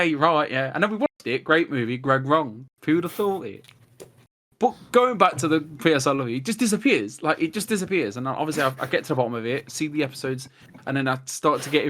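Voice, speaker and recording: Rambling, animated male podcast guest. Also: a little high, fairly quick. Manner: rambling, animated storyteller who acts out quotes. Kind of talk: casual podcast chat.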